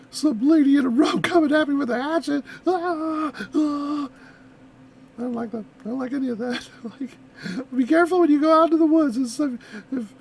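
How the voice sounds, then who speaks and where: A woman's voice: high voice, gravelly, warm tone. A woman hosting a reaction video, chatting in a rambling, giggly way. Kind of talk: casual reaction commentary.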